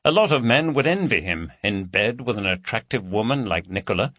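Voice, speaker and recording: A man narrating a crime audiobook in an expressive, lively reading. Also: fairly low pitch, fairly quick, no room sound.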